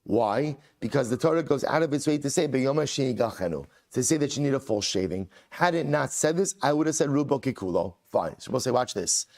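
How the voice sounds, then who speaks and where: A man teaching a Talmud class as a rabbi, emphatic, repeating rhetorical questions and slowly chanting Aramaic phrases. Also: mid-range voice, animated, darkish tone.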